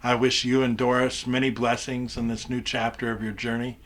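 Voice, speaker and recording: Male pastor, mid-pitched, earnest and halting, repeats words, heartfelt church tribute. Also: little pitch movement, a bit bright. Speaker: pastor and mission chaplain. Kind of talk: prepared farewell tribute.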